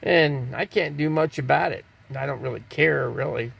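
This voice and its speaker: Older guy from arizona rambling on his live stream, gravelly, kinda high voice, reads chat out loud. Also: moderate pace. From Scottsdale, Arizona. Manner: rambling, reads viewer chat aloud and answers it.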